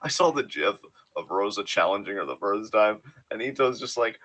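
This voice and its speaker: A man co-hosting a live wrestling reaction, excitable and swearing, laughing often, tired from being up past four in the morning. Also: on the low side, moderate pace, few pauses.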